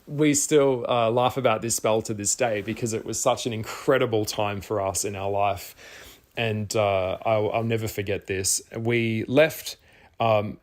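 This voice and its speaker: A middle-aged man, telling a personal story in a casual vlog, animated, with some swearing. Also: on the low side. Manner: animated, swears, acts out his own past shouts. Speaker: spiritual vlogger.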